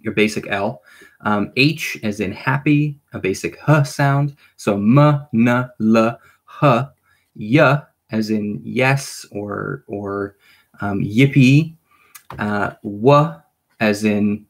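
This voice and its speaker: A man with a lowish voice walks through an invented alphabet at an unhurried pace. He pauses often with ums and restarts, and sounds out each letter with care. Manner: hesitant, many ums and restarts. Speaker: conlang creator explaining an alphabet. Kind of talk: unscripted explanatory lesson.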